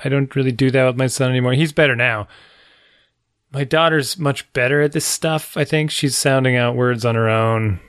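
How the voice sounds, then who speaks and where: A man's voice: mid-range voice, steady tone, moderate pace, a bit bright, dry recording. A father chatting casually with a friend, throwing in dry, wry remarks. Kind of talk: casual chat.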